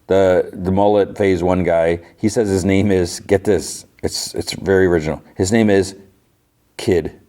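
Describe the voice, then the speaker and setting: A man hosts a podcast in a low, dark voice, measured in pace and fairly even in intonation. His loose TV episode recap rambles, heavy with fillers like "like" and "you know."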